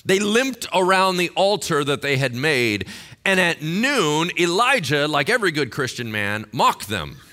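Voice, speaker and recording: An animated male pastor preaching with a bright, forceful voice. He jokes and acts out the people in the story, and his pitch swings widely. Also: measured pace. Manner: animated, jokey, acts out quotes. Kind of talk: sermon.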